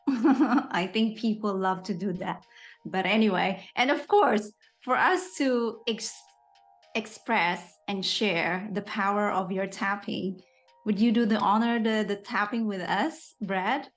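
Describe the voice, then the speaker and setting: A woman hosting a casual interview, encouraging her guest and laughing along. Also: medium pitch. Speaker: show host.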